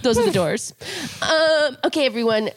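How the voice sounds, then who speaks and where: Improv woman as a bubbly, people-pleasing host; lively, a bit high. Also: moderate pace, rough recording. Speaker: improv host playing a party host. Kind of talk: improvised comedy scene.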